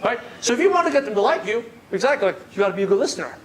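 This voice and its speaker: A man's voice: high-pitched, very animated, rapid-fire, fairly bright tone, slight background noise. A man giving a live sales workshop, asking the audience questions and repeating their answers back. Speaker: sales trainer. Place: meeting room with a live audience.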